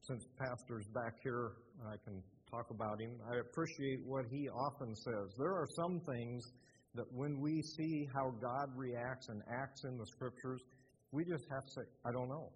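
An older man preaching in a church, halting with many fillers and restarts. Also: medium pitch, slight background noise. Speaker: lay preacher. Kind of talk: sermon. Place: church sanctuary. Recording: muffled, with a long hall echo.

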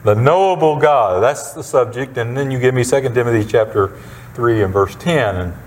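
A man preaching a sermon, reading scripture and explaining it in a deliberate, emphatic way, repeating his key phrases for weight. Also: medium pitch. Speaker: pastor.

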